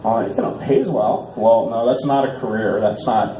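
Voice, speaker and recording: A man's voice: mid-range voice, echoey room, a little hiss or hum, poor audio. Man in his forties doing stand-up. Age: 40s. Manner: deadpan punchlines, drawn-out repeats waiting for laughs. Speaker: stand-up comedian. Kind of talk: stand-up comedy set. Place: small bar stage.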